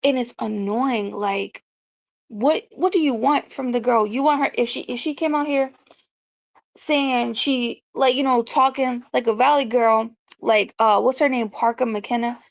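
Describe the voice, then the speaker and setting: Woman vlogger, a bit high and gravelly, ranting commentary, muffled recording. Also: steady tone, measured pace. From South Carolina, US. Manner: opinionated, ranting. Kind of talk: casual commentary. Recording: dull lo-fi recording.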